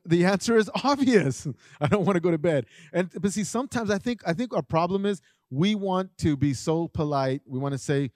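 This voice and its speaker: A middle-aged man giving a conversational parenting talk, animated, often acting out what parents and children say. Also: high voice, normal speed, no echo, clean studio sound. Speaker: parenting speaker.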